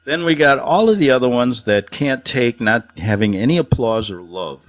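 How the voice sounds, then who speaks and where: Brief: male radio host, rambling and sarcastic, very lively pitch. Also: normal speed. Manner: rambling, mocking, laughs often. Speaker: talk show host. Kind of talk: casual radio monologue.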